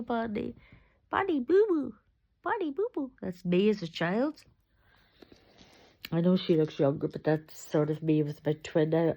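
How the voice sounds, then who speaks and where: A middle-aged woman with a low, gravelly voice talks to camera about her dolls, rambling and gushing with fondness. The sound is dull and lo-fi, like a home video. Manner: chatty, rambling, fond and gushing. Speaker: reborn doll collector vlogger. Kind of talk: casual show-and-tell chat to camera.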